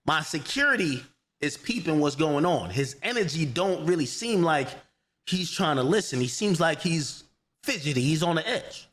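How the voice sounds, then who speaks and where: A man's voice: a little high, animated, normal speed. A man telling a story in a heated rant, swearing, repeating himself and quoting others. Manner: swears a lot, repeats himself, grows loud and shouting.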